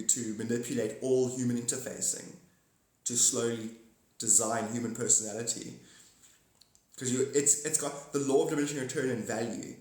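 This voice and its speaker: A man rambling through playful, speculative musings on a casual livestream, often restarting his sentences. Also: medium pitch. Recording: very echoey room.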